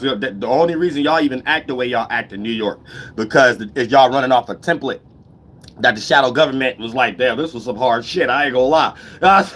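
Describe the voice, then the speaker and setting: Animated man with a bright, forceful voice. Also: mid-range voice. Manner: animated, laughing, fast-talking street slang. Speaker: host. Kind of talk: casual monologue.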